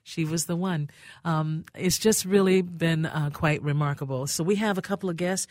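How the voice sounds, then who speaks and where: A woman's voice: deep voice, moderate pace, a little mellow, no echo, studio quality. An older woman hosting a call-in radio show, affectionate with callers and calling them honey. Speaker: radio host. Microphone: studio mic.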